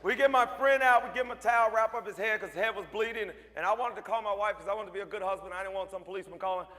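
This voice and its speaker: A man with a high, bright voice delivers a motivational speech to a live audience. He tells his stories animatedly, acting out the characters and breaking into shouts. His voice rings out with a long reverb in a large hall. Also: very fast, few pauses. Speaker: motivational speaker.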